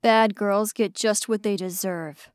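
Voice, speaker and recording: A woman's voice: mid-range voice, unhurried, mellow, clean tone, dry recording, clean studio sound, natural voice. A woman voicing a cruel, possessive man who threatens in a menacing tone.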